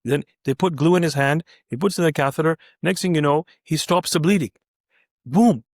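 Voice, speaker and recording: A middle-aged man, a physician guest in an interview, telling stories in a casual, animated way with many restarts. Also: a little high, moderate pace, no room sound, studio quality. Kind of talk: casual anecdotal storytelling.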